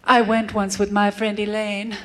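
A woman's voice: medium pitch, monotone, normal speed, natural voice. A woman voicing a cultured young New York woman tourist with a prim, affected manner. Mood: prim, worldly.

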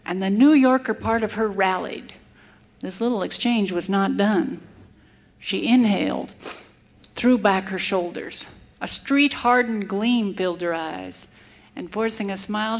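A woman's voice: mid-range voice, measured pace. A woman reciting a humorous rhyming cowboy poem in a wry storytelling manner. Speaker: cowboy poet.

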